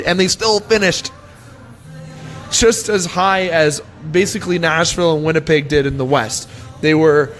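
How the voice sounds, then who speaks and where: Opinionated Canadian sports show host. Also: male voice, fairly high pitch. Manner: rambling, opinionated, energetic. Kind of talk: casual hockey talk. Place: restaurant. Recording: faint music behind.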